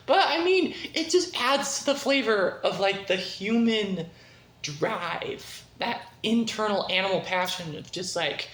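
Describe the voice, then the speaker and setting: A woman's voice: on the low side, fairly bright tone. A young woman talking in a casual video review, rambling and gushing in a scatterbrained way. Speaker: book reviewer. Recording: echoey room.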